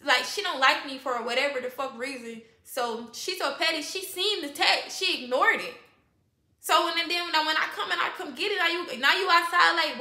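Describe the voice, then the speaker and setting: Woman vlogger, high and sharp-toned, animated profane storyteller, roomy echo. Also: fairly quick, vocal fry. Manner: animated, profane, talks straight to viewers. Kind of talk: casual storytime vlog.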